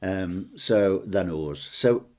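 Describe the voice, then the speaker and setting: A man's voice: low-pitched, very slow, darkish tone. A middle-aged man co-hosting a casual chat, talking in a rambling, friendly way. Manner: rambling, chatty, fond of accents. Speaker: podcast co-host.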